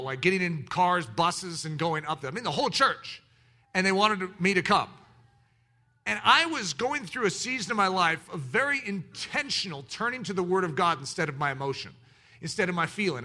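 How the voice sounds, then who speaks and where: Middle-aged male preacher, very bright voice, a bit higher than most men, animated self-mocking storyteller. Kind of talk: storytelling sermon.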